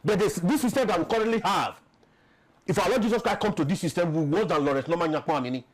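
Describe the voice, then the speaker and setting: A fast-talking man with a high voice and a Nigerian English accent, a peace commission official in an interview, pours out emphatic, impassioned political commentary, repeating words to build his points, on poor audio.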